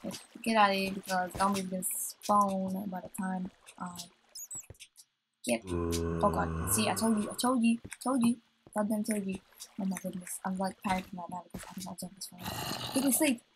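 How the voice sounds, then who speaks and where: A woman's voice: mid-range voice, lively intonation, moderate pace, background noise. A woman hosting a let's play, chatting to herself as she plays and getting easily startled. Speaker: gaming channel host.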